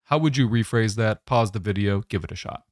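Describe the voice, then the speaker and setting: A man giving a test-prep lesson, explaining question types in a steady, methodical way. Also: on the low side, fairly quick, no room sound, clean studio sound.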